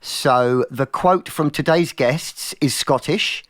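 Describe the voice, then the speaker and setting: A man's voice: a little high, slow pace, a bit bright, no echo, clean studio sound. A man hosting a podcast over a video call, steering the chat along in a jokey way. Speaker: podcast host. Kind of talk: casual chat.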